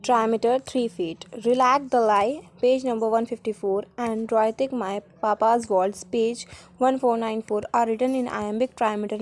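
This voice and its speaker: A woman's voice: fairly high pitch, darkish tone. Woman reading poetry notes aloud. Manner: halting reading aloud of page numbers and titles. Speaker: student reader.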